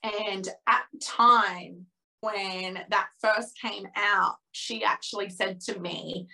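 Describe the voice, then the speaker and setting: A woman in her thirties, a podcast guest telling a personal story candidly and with feeling, acting out the dialogue in lively voices. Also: medium pitch, takes it slowly, creaky, poor audio. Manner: candid, emotional, swears freely.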